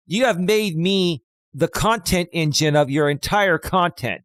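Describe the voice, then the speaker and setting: A man's voice: high voice, normal speed, fairly bright tone, dry recording. A man hosting a livestream, ranting in a combative, taunting way and repeating himself for emphasis. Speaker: livestream host. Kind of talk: confrontational livestream rant.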